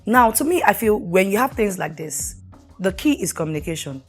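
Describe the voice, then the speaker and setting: A woman's voice: medium pitch, animated, moderate pace, breathy edge, soft background music. A middle-aged woman, hosting a talk show and giving earnest, preachy marriage advice while putting questions to the listener.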